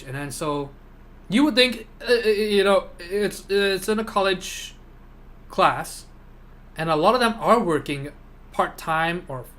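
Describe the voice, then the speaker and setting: A man's voice: fairly high pitch, fairly bright tone. A young man streaming live, chatting with viewers in a rambling rant full of fillers and swearing. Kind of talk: casual chat with live viewers.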